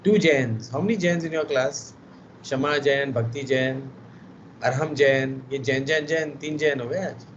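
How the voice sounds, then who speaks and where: A man's voice: mid-range voice, fast talker. A man with an Indian English accent runs an online class in a worn, tired voice, chatty and teasing, with Hindi words mixed into his English. The video-call sound is a little muffled, with faint noise underneath. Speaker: lecturer.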